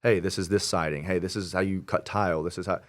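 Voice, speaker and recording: A young man talking casually as an interview guest, telling stories animatedly and quoting himself. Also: sits low. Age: young adult. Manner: animated storyteller, quoting himself, quick asides. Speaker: real estate investor guest.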